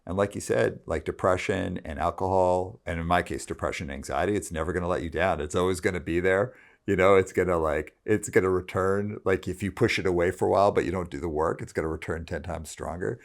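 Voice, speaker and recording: A male podcast host with a very low voice and a gravelly edge. He talks in a loose, rambling conversational way and circles back over his own words. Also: fairly even intonation, fast, hardly any pauses. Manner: rambling, heavy use of "like" and restarts.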